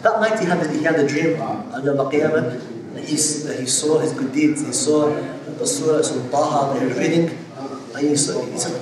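A man's voice: fairly high pitch, a little fast. A man, a sheikh teaching a religious class, telling stories, acting out the quoted voices and using Arabic terms. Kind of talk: religious lesson with storytelling. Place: Islamic centre hall. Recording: echoey hall, far from mic, crowd audible.

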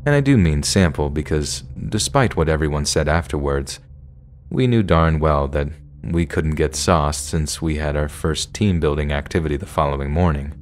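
A man's voice: very deep voice, normal speed, a little hiss or hum. A man narrating a first-person horror story in a casual, conversational way.

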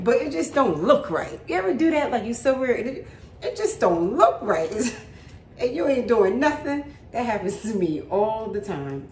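A chatty woman in her thirties tells home stories as a vlogger, laughing often and packing in fillers. Her voice sits mid-range and sounds roomy, with a faint hum in the background. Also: medium pitch. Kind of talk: casual storytelling chat.

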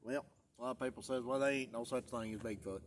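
A man's voice: mid-range voice, steady tone, fast talker, slight background noise. A man, chatting in a folksy, rambling way for his vlog while out in the woods, tired after a long day. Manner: folksy, rambling, repeats himself. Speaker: vlogger. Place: outdoors in the woods.

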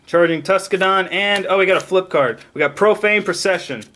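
An excitable man rattles off card names while opening packs, joking as he goes. His voice sits a little high for a man. Faint shuffling of cards runs in the background. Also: a little fast, a little hiss or hum. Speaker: card pack opening vlogger. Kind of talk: casual card unboxing commentary.

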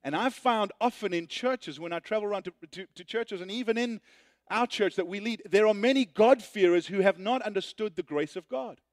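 A man preaching a sermon as pastor, telling stories earnestly and dropping to a hushed tone to make his point. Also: high-pitched, fairly quick, dry recording, clean studio sound. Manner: earnest storytelling, rising then hushed.

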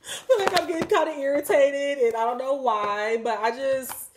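A woman, speaking in a slightly high voice. She lectures her viewers bluntly and profanely, laughing as she goes. Her delivery keeps jumping between loud and quiet. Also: normal speed, slight background noise. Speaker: tarot reader and channel host. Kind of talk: candid spoken reading to viewers.

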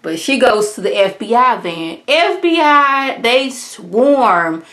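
A woman casually recapping a TV episode in colloquial, animated speech. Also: a little high, slow pace. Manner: animated, colloquial, acts out characters' lines. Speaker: TV show reviewer.

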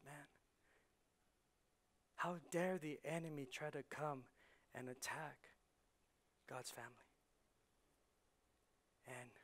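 A man, a pastor, preaching a sermon with rhetorical questions that build to shouting. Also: on the high side.

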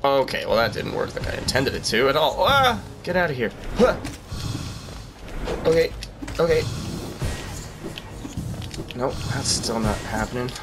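A man's voice: medium pitch, a little slow, long pauses, over music. A man hosting a gaming channel, giving jokey let's-play commentary and yelping and exclaiming as he plays. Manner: excitable, jokey, yelps and exclaims while playing.

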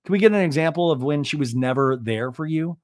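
A man's voice: fairly high pitch, expressive, quick pace, dry recording, studio quality. A man hosting a podcast, giving a casual comic recap in a sarcastic, chatty, exasperated way. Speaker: podcast host. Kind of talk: casual comedic recap commentary.

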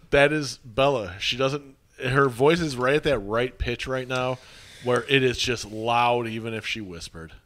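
A man's voice: mid-range voice, a little slow, a bit bright. A young man co-hosting a podcast in casual chat, easygoing and telling stories. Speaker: podcast co-host.

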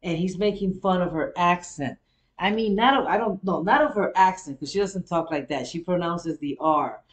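A woman's voice: lowish voice, moderate pace. A woman hosts a casual reaction video. She explains things chattily, trailing into fillers and restarts. Her voice carries a roomy echo. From Caribbean.

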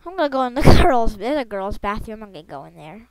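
A woman's voice: a little high, sing-song, fast talker, few pauses, smooth, dry recording, rough recording. A woman giving playful, rambling gameplay commentary, making silly sound effects and joking to her viewers as she plays. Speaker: gaming channel host.

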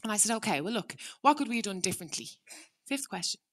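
A woman in middle age speaks from a stage in a bright, forward voice at an ordinary pitch. She tells her story earnestly and reflectively, acting out both sides of a conversation. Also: lively intonation, fast. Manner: earnest, reflective, acts out dialogue. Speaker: teacher turned restorative practice trainer. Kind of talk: prepared public talk with storytelling.

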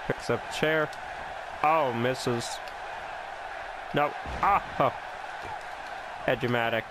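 A man giving casual commentary over a wrestling video game, excitable and full of gasps, with joking, sarcastic asides. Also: mid-range voice, noisy background. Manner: excitable, reacting with gasps and swearing. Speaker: gameplay commentator. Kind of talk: casual let's-play commentary.

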